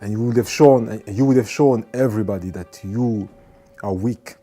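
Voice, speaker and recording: Faint music plays behind a man with a lowish voice who speaks at a moderate pace. Giving an earnest motivational talk, he keeps repeating his points and occasionally acts out angry people shouting.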